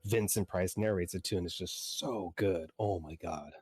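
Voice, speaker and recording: A man with a very low voice co-hosts a podcast in casual, rambling chat. He talks with loose enthusiasm and swears casually. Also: normal speed, darkish tone, breathy edge, no echo. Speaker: podcast co-host.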